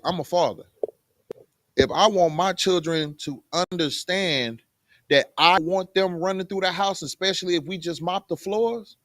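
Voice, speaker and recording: A man's voice: high-pitched, a bit bright, no room sound. A man teaching a Bible class in plain everyday talk, often putting rhetorical questions to his students. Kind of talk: conversational scripture teaching.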